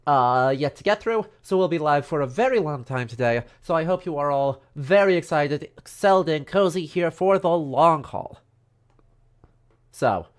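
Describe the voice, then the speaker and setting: A man's voice: fairly high pitch, clear, resonant tone. A man with a congested, stuffy nose giving a casual, joking history lecture on a livestream from home. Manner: chatty and joking, many fillers and asides. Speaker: history streamer. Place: home in the countryside.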